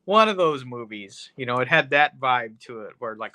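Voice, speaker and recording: Bright-voiced man, rambling podcast recap. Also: medium pitch, lively intonation, moderate pace, dry recording. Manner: rambling, profane, full of "you know". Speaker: podcast host. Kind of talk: casual movie recap.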